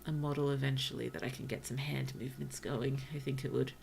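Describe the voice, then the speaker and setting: A woman streamer chatting casually through a cozy game, talking to her villagers and often dropping to soft whispers. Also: very deep voice, steady tone, fast, creaky, a little hiss or hum. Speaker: VTuber streamer. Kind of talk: casual gameplay commentary.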